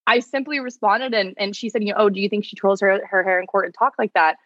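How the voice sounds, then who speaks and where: A woman talks as a podcast guest, racing through a story with lots of "like" and lively swings in her voice. The sound is a little muffled and dry, with no room echo. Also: medium pitch. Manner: fast, animated storytelling full of "like". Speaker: attorney and content creator, podcast guest. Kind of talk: casual podcast chat.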